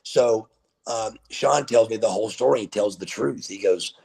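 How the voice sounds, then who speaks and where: A man's voice: lowish voice, normal speed, gravelly, husky. A middle-aged man, a wrestler guest on an interview show, telling stories and acting out the dialogue. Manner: animated storyteller who acts out quoted dialogue. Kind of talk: casual storytelling interview.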